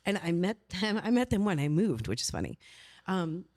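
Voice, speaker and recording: A woman's voice: lowish voice, sing-song, normal speed, darkish tone. A woman in her forties from the American Midwest, a podcast host telling a story in a chatty, emotional way. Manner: chatty, emotional, acts out quotes. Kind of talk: casual conversational storytelling.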